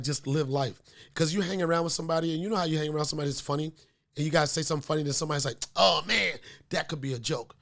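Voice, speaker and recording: Raspy-edged comedian host, loose and profane. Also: male voice, a little high. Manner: loose, profane, storytelling with lots of fillers. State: getting over a cold. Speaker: podcast host. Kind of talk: casual comedic podcast chat.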